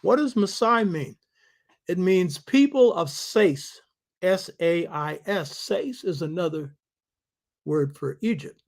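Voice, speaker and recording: A man's voice: sits high, animated, takes it slowly. A man hosting a show, giving an emphatic lecturing monologue and throwing rhetorical questions at his listeners. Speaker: host.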